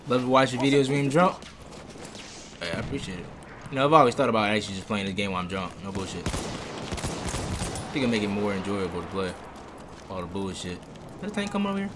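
Man, live gameplay streamer, casual, excitable, swears a lot, bouncy pitch, loud game sounds behind. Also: fast talker, pauses often. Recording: game noise under the voice. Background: loud game sound effects.

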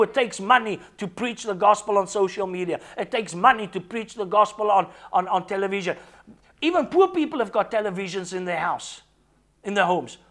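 High-voiced man preaching with passion. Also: a bit bright. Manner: impassioned, rising to cries at peaks. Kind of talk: sermon. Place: indoors, seated behind a desk.

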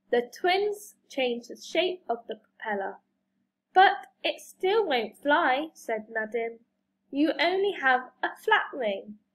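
A woman reads a children's story aloud at a slow, careful pace. Her high voice swings widely in pitch as she gives the characters their lines. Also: poor audio. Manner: slow, expressive reading with lively character voices. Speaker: reader.

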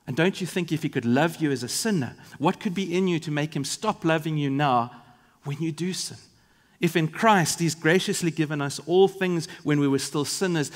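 High-voiced pastor preaching. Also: male voice. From South Africa. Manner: earnest, vivid preaching with asides to the congregation. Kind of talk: sermon. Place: large church. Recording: long reverb of a church hall.

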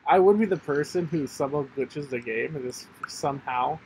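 A man's voice: a little high, normal speed, background noise. A man hosting a casual gameplay chat, rambling with lots of fillers, restarts and frequent laughs. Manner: rambling, hesitant, laughs often. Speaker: channel host and player.

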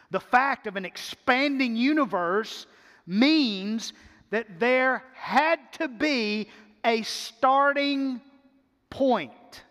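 A man with a high voice preaches slowly from a church stage, stretching out his phrases. He leans into each point and repeats words as he builds toward it. The sound rings with the long reverb of a large hall. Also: fairly bright tone. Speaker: pastor. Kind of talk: sermon. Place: church sanctuary.

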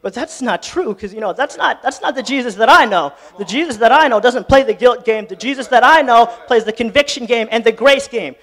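A man's voice: very high voice, brisk, few pauses. A man giving a sermon, with casual, joking asides that rise into fervent, impassioned preaching. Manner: conversational, joking preaching that builds to impassioned shouting. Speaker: lay preacher. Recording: long church reverb.

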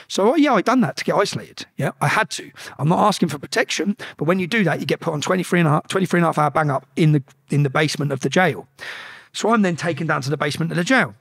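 Fast-talking man telling a story. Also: high voice, fairly bright tone. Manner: swearing, restarts, acts out quoted exchanges. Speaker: podcast guest. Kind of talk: animated storytelling.

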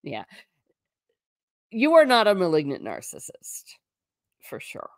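Woman, livestream host, low voice, chatty musing with a stern teacher edge, dry close sound. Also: wildly swooping pitch, slow, no room sound. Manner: chatty, answers viewer comments, occasional stern teacher tone.

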